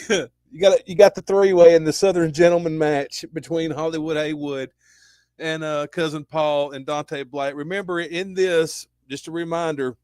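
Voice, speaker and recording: Brief: male show host, giggly and excitable, swears freely, dry close sound. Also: fairly high pitch, no room sound. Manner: laughing, profane and excitable. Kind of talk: casual chat.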